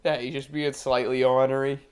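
A man's voice: medium pitch, flat delivery, brisk, smooth. A man co-hosting a casual podcast, teasing and making crude jokes. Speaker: podcast co-host.

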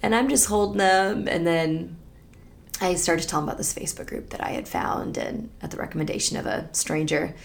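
A woman on a faith podcast recounts a personal moment in an earnest, tender way. Her voice sits low with a gravelly edge. Soft laughs slip in as she talks. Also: a little fast. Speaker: podcast co-host. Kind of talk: reflective faith podcast conversation.

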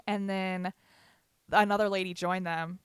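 A young woman co-hosting a podcast, venting bluntly with lots of swearing and telling animated stories between laughs. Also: medium pitch, takes it slowly, clean tone, no echo. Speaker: podcast co-host. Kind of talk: casual chat.

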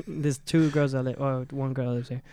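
A man with a smooth, resonant voice, recorded close and dry, co-hosting a casual podcast from an apartment. He tells profane stories and jumps into loud, animated quotes of the people in them. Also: mid-range voice, measured pace, no room sound. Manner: profane storytelling, acts out quotes loudly. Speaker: podcast co-host. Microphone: studio mic in apartment.

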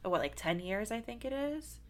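A woman co-hosting a podcast, chatting casually about a film with lots of fillers and loud laughter. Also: mid-range voice, normal speed. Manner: animated, laughs loudly, many fillers. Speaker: podcast co-host.

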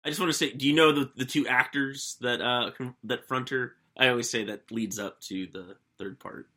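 A man's voice: mid-range voice, fairly even intonation, normal speed, pushed and bright. A man co-hosting a podcast, chatting casually about a movie with joking asides. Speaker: podcast co-host.

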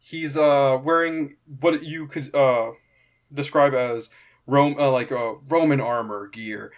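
A man narrating a tabletop game as game master, halting and casual. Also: medium pitch, steady tone. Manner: halting, lots of fillers and restarts.

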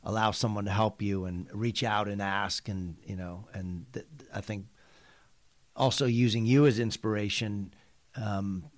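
A man's voice: fairly low pitch, fairly even intonation, a little slow, no room sound. A man hosting an interview podcast, speaking thoughtfully and hesitantly, searching for words as he reflects. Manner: thoughtful, hesitant, many fillers and restarts. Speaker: host, school superintendent.

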